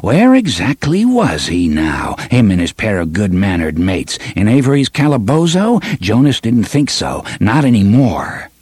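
A man's voice: on the low side, wildly swooping pitch, measured pace, hardly any pauses, darkish tone, husky, no room sound. Man narrating a gritty novel. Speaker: audiobook narrator. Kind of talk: scripted narration.

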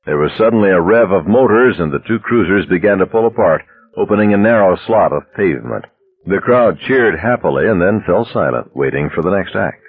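A man narrating a story aloud in a steady, measured reading. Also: low voice, breathy edge. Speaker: audiobook narrator. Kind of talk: scripted narration. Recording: dry tinny phone-like sound.

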